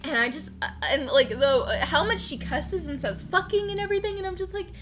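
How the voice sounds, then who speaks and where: Her voice sits high, brisk and a bit bright, over a little hiss or hum. A young woman vlogging about books, she gushes playfully in a casual review chat full of fillers.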